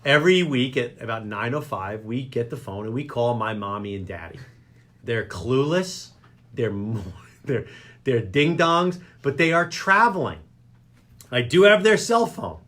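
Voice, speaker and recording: Animated joking New man. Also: mid-range voice, measured pace. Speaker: local radio show host. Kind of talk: casual chat show banter.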